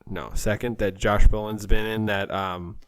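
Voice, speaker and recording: A man's voice: lowish voice, steady tone, measured pace, a bit bright, smooth. A man co-hosting a casual podcast, trading dry teasing remarks and laughing often. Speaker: podcast co-host. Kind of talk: casual chat.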